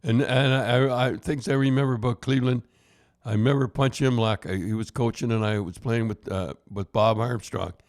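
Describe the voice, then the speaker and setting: An older man from Canada trading old stories in a relaxed podcast chat. He rambles and restarts his sentences, chuckling along, at an everyday middle pitch. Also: normal speed. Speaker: podcast host, former hockey coach. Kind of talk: casual storytelling chat.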